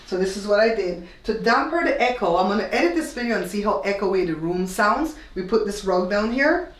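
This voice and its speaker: A woman's voice: mid-range voice, lively intonation, a little fast. A woman from Belize hosting a casual home tour vlog, explaining things step by step to her viewers. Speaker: host. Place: newly renovated room, indoors. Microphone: camera held by her husband, some distance off. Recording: echoey bare room.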